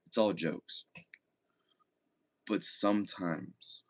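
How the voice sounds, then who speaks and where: Young male streamer, very low voice, loose rambling chat with frequent swearing. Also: very slow. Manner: laid-back, swears often, rambling. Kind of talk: casual chat.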